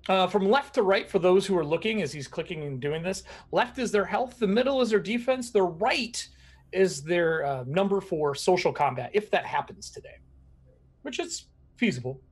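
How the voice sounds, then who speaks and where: A man narrating as game master of a tabletop game, animated and laughing often. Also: high-pitched, normal speed, breathy edge.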